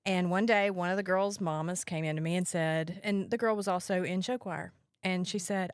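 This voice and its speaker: A woman's voice: fairly low pitch, moderate pace, hardly any pauses, clean tone, dry recording, studio quality. A woman hosting a podcast, telling a personal story in a candid, wry way with a casual chat style. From Mississippi, US. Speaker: podcast host.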